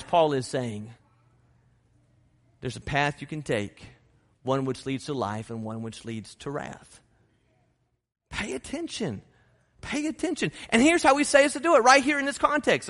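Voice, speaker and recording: A man's voice: high voice, sing-song, normal speed, fairly bright tone. A man preaching a sermon to his congregation, emphatic and repeating his key phrases. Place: church sanctuary. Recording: long reverb of a large hall.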